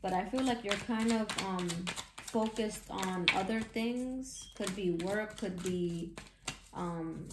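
A woman giving a casual tarot reading, chatty and excitable, with slangy talk and frequent laughs. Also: medium pitch, takes it slowly, reverberant, noisy background. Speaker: tarot reader.

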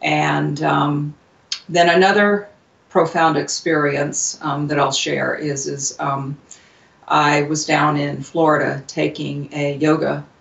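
A woman speaks slowly and earnestly, pausing and restarting often as she tells her story. Her voice has a gravelly, fry-tinged edge. She sounds distant in an echoey room, and the recording is dull and lo-fi. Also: low-pitched, flat delivery. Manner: earnest, halting, many fillers and restarts. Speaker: radio show guest. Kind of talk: personal storytelling in an interview.

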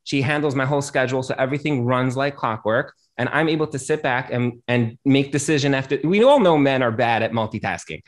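A man's voice: medium pitch, brisk, few pauses. A man, a rabbi and accountant, giving earnest marriage advice on a talk show and often repeating his phrases.

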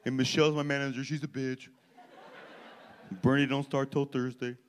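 A man's voice: mid-range voice, little pitch movement, normal speed, slight background noise. A male stand-up comedian on a comedy club stage, doing crowd work in brash, profane, slangy street talk and teasing the audience.

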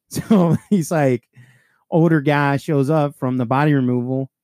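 A man's voice: on the high side, a little slow, no room sound, clean studio sound. Man telling profane cop stories. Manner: profane, laughing, animated storyteller. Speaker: podcast co-host, police sergeant. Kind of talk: casual storytelling chat.

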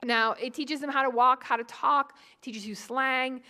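A woman from the Boston area giving a lively, joking public lecture on psychology and speaking straight to the audience. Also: sits high, moderate pace. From New England, Boston area.

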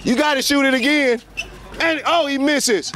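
A man calling pickup basketball from the sideline, excited and trash-talking as he keeps the score. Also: very high voice, moderate pace. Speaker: courtside commentator filming pickup games. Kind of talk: hype courtside commentary. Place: outdoor basketball court. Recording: noisy crowd at an outdoor court. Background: crowd and bouncing ball.

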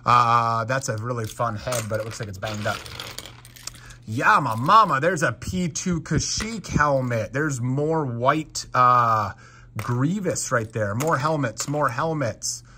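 A man giving casual unboxing commentary as a Lego collector, excitable and exclaiming at each find. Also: mid-range voice, slow, a little hiss or hum. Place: home basement.

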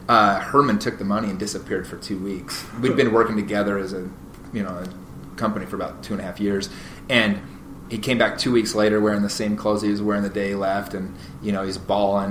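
A man, a guest on a podcast, telling stories in a casual, animated way with many fillers and restarts. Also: lowish voice. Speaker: podcast guest, real estate agent. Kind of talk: casual interview storytelling. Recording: roomy echo, faint noise.

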